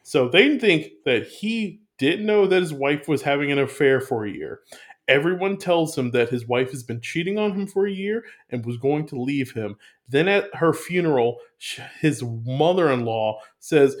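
A man chatting casually about a film, animated and profane, rambling with restarts as he talks. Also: fairly high pitch, moderate pace. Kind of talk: casual movie review chat.

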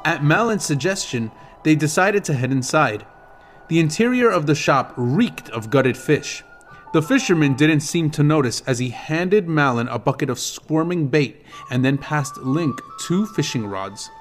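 A man reading a fantasy novel aloud as an audiobook narrator, in a steady, measured storytelling manner. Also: on the high side, faint music behind. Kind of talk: scripted narration.

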